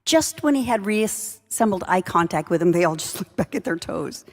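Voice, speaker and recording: Woman speaker, low gravelly voice, wry conversational storyteller, echoing hall. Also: animated, normal speed. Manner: conversational, wry anecdotal delivery. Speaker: leadership speaker. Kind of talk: storytelling talk. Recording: long reverb of a large hall.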